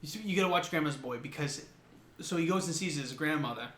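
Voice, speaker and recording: A man co-hosting a podcast in casual chat, telling stories in a lively way and swearing freely. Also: fairly high pitch, quick pace. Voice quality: swears a lot, animated storytelling. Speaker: podcast co-host. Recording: echoey room, faint noise.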